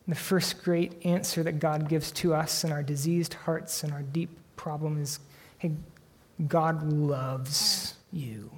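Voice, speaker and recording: This sermon comes from a pastor whose somewhat high voice carries a long, sanctuary-like reverb. His tone stays level at a moderate pace while he preaches earnestly, rising to emphatic peaks and then softening to hushed lines.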